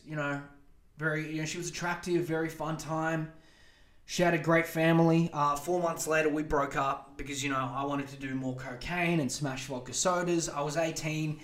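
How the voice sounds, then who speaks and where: A man hosting a podcast, telling a rambling, profane story in a casual, animated way. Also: on the high side, roomy sound. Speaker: podcast host.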